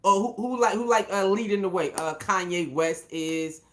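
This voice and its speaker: A man's voice: sits high, little pitch movement, moderate pace, a bit bright. A man hosting his own show, giving rambling casual commentary full of fillers, repeated words and restarts, and chuckling now and then. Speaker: show host.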